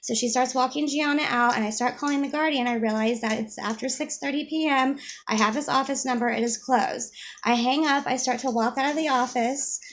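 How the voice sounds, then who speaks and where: A woman's voice: high-pitched, fairly even intonation, brisk, a little hiss or hum. A mother telling an upsetting personal story to the camera in a rambling, casual way, with many fillers and restarts.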